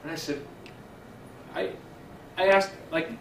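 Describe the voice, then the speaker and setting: Earnest man telling a story in an echoey church hall. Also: fairly high pitch. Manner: earnest storyteller, drops to a hush for quoted speech; halting fillers and restarts. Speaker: chaplain. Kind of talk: storytelling talk to a church audience. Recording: echoey hall, distant mic, faint hiss.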